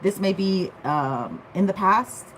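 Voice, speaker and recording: A woman's voice: mid-range voice, lively intonation, takes it slowly, a bit bright, slight background noise, rough recording. A woman giving a casual tarot reading, chatty and loose, often checking in with "okay?". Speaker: tarot reader.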